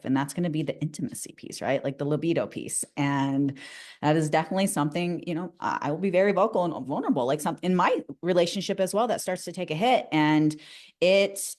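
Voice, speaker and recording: Woman co-host, candid and emphatic, casual podcast talk, lower voice. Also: darkish tone. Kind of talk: casual conversation.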